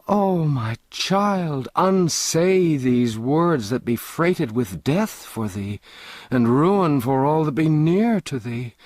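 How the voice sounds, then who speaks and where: A man voicing a tearful, pleading poor mother in an audiobook, speaking slowly in old-fashioned speech. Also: fairly high pitch, expressive, darkish tone, no room sound, pitched above the performer's own voice. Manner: slow, pleading, archaic speech. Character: grieving poor mother, middle-aged woman, tearful and pleading. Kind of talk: audiobook character voice.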